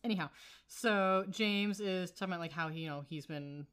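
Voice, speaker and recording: A woman's voice: lowish voice, moderate pace, fairly bright tone, clean tone. A woman co-hosting a casual podcast. She recaps a TV episode scene by scene and argues her opinions firmly. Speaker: podcast co-host.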